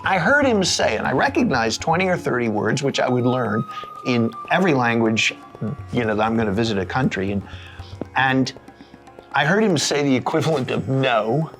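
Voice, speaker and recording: Expressive man telling a story. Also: medium pitch, soft background music. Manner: expressive, dramatic pauses. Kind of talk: personal storytelling.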